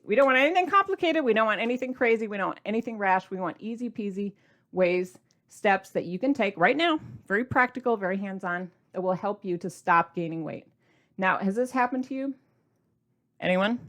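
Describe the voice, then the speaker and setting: A middle-aged woman hosting a podcast, talking to her listeners in an energetic, animated, casual way. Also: mid-range voice, a little fast. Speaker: podcast host. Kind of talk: casual motivational podcast monologue.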